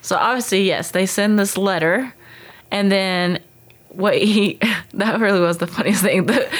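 Giggly woman guesting on a movie podcast, regular pitch. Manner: giggly, laughs between phrases. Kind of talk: casual movie-review chat.

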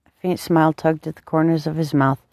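A woman narrating a romance story in a calm, measured reading. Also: low-pitched, no echo, studio quality. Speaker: audiobook narrator.

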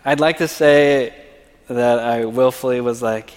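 A man's voice: mid-range voice, fairly even intonation, measured pace, darkish tone. A man giving a personal testimony at church, telling his story and often checking in with the audience with "okay?". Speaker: church speaker. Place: church sanctuary. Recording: long reverb of a large hall.

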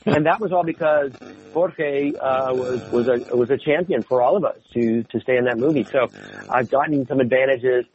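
A man, a voice actor from the United States, chatting in an interview and telling lively stories about his roles. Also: medium pitch, normal speed, lo-fi sound, a little hiss or hum. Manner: animated storyteller, jumps into character voices. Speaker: voice actor guest. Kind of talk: casual interview chat.

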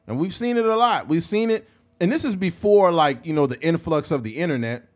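A man's voice: on the high side, lively intonation, a little fast. A man hosting a podcast in loose, profane, joking casual chat. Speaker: podcast host.

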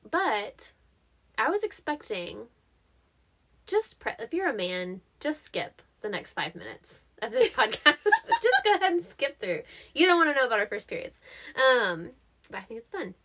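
A young woman co-hosts a podcast, chatting casually in a voice that sits a little high at a normal pace. She's an animated storyteller who laughs often and acts out quotes as she goes.

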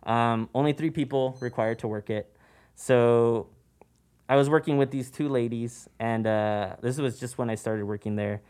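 A man telling a lively, animated workplace ghost story. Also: mid-range voice, moderate pace. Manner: animated, acts out voices in anecdotes. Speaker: podcast guest, former theme park worker. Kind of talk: casual storytelling chat.

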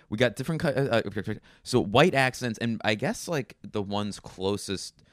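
Deep-voiced man rambling deadpan. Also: measured pace, no room sound, studio quality. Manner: rambling, deadpan absurd asides. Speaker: podcast host. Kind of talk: comedic podcast monologue.

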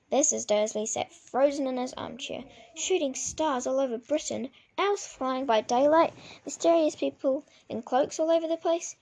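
Woman reading a book aloud, mellow and gravelly, stumbles and restarts. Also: high voice, normal speed. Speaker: reader.

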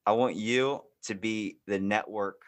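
A man's voice: lowish voice, fairly even intonation, unhurried. A man chatting casually on a podcast, rambling with lots of fillers.

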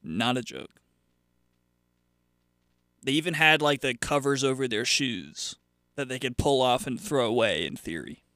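A man's voice: medium pitch, expressive, a little slow, long pauses, sharp tone, clear, resonant tone, no echo, studio quality. A man hosting a casual solo radio show, rambling and sarcastic, with lots of fillers and restarts.

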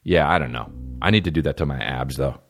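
A man's voice: a bass voice, quick pace. A young man hosting a podcast, riffing profanely in casual comedic chat and jumping into silly voices. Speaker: podcast host.

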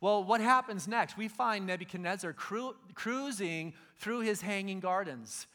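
A man's voice: high voice, measured pace, bright, forceful tone. A middle-aged man preaching a sermon, retelling Bible stories in casual slang and acting out the figures. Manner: casual storytelling, acts out biblical figures in slang. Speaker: pastor.

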